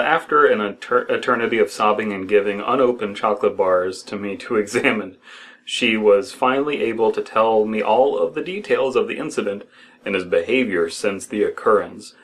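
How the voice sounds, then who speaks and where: Young adult man, fairly low voice, casual reader with wry, stumbly humor. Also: normal speed, a bit bright. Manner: wry, jokey asides, stumbles over words. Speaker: co-host reading horror stories aloud. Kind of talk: casual reading and joking commentary.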